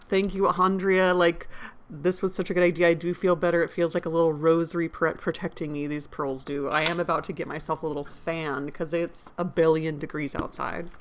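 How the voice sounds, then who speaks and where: An American woman chats casually as she sums up a novel for her listeners. Her voice sits a little low for a woman, and her opinions come out blunt and lively, with the odd mild swear word. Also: fairly quick, a little hiss or hum. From United States. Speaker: host and book reader. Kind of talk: casual chat recapping a novel.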